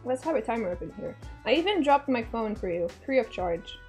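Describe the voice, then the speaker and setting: Playful young woman streamer, high voice. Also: very animated, a little fast, a little mellow, faint music behind. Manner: playful and teasing, laughs often, mock-dramatic. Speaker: live streamer. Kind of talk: casual live-stream chat, reading chat aloud. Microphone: desk microphone.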